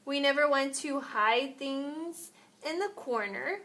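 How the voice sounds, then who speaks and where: A woman's voice: sits high, slow, sharp tone. A woman teaching an art lesson, explaining step by step while demonstrating on paper and sometimes moving away from the mic.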